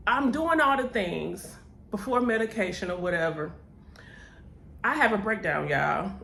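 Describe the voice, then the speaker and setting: A woman's voice: on the high side, vocal fry, a little hiss or hum. A young adult woman vlogger, telling her story candidly and expressively. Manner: expressive, animated, says "baby" and "child". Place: cousin's house. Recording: echoey room.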